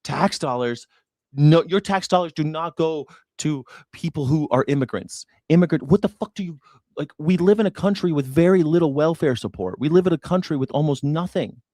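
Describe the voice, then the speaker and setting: A man's voice: on the high side, moderate pace, mellow, dry recording. Guy ranting at his chat, sarcastic, swears a lot, dry close mic. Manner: profane, sarcastic, arguing with chat. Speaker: news reaction host. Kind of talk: heated political commentary.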